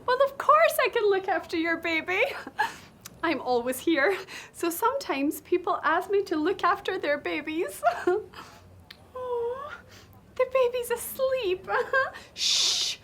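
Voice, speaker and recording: A woman presenting an English lesson, playful, laughing and hushing as she acts out a scene. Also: extremely high pitch, unhurried. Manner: animated, laughing, hushing often. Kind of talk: playful classroom role-play.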